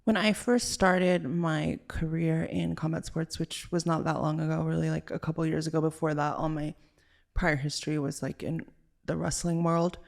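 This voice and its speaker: A woman's voice: low-pitched, level tone, moderate pace, gravelly, darkish tone. A young woman from Los Angeles hosting a casual solo podcast, chatty and loose, with lots of "like" fillers. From Los Angeles, Southern California. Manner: chatty, valley-girl style with many "like" fillers. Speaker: podcast host.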